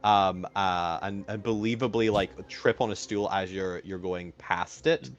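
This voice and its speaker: A man's voice: deep voice, a little slow, dull audio, faint music behind. A man narrating as game master of a tabletop game, rambling with many fillers and restarts.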